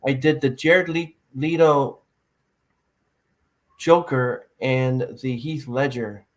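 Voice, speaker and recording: A man's voice: mid-range voice, fairly even intonation, slow pace. Rambling man hosting a podcast. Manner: rambling, hesitant, many fillers. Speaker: podcast host. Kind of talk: casual interview chat.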